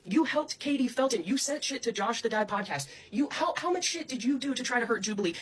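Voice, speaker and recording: Husky young woman, furious camera-facing rant, cutting and full of swearing. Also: a little high, expressive, brisk, few pauses. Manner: profane, accusatory, cutting. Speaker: online personality. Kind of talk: angry direct-to-camera rant.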